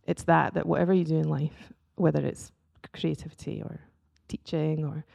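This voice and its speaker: Woman artist chatting about faith, lots of vocal fry, dark mellow tone, soft-spoken. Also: sits low, flat delivery, moderate pace. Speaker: guest, artist. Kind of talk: casual faith chat.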